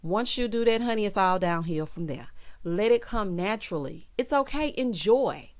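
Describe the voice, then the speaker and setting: A woman hosting a casual reality-show recap, talking sassily and straight to her viewers, with big jumps in pitch for emphasis. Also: moderate pace. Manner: sassy, animated, talks straight to the viewers. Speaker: TV recap host.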